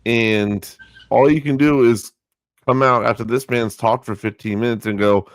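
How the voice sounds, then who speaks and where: A man's voice: medium pitch, fairly even intonation, moderate pace, no room sound. A man co-hosting a casual wrestling podcast, rambling with many restarts and fillers. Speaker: podcast co-host.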